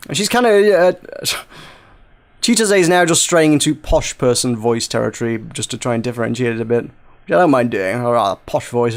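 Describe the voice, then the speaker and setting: A man's voice: medium pitch, animated, normal speed, soft background music. A man hosting a playful reading of a visual novel, rambling with jokey asides. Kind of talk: playful let's-play narration.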